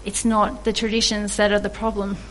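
A woman's voice: mid-range voice, completely flat delivery, brisk, slight background noise, rough recording. An earnest woman giving a reflective devotional sermon, asking her listeners questions. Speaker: preacher.

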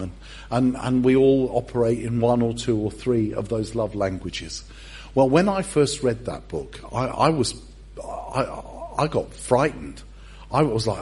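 A man's voice: medium pitch, husky. A middle-aged man preaching a humorous sermon in a church, telling stories with self-mocking jokes. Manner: animated, self-mocking storyteller. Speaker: pastor.

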